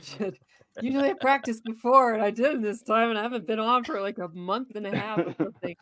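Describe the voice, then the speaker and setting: A woman chats casually on a panel video call and laughs easily between remarks. Her voice is a little high. The recording is dry. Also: a little fast, a bit bright, dry recording.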